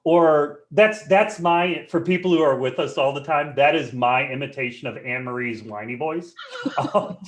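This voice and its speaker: A man presenting a live webinar in a joking, conversational and animated way. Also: a little high, moderate pace.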